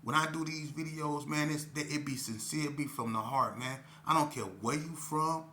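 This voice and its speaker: A man's voice: fairly high pitch, normal speed, bright, forceful tone, slight background noise. A middle-aged man from Las Vegas telling his own life story in an earnest, rambling way, often breaking in with "you know what I'm saying.". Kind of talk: casual street storytelling.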